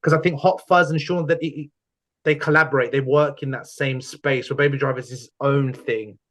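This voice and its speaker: A young man with a London accent, co-hosting a casual podcast chat and lively in how he tells things. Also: mid-range voice, fairly quick. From London, England. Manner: animated, often acts out quoted voices. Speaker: podcast co-host.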